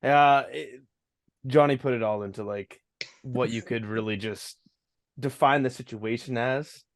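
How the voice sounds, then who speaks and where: A man's voice: mid-range voice, a little slow, dry recording, studio quality. A man co-hosting a casual sports podcast, hesitant and full of fillers.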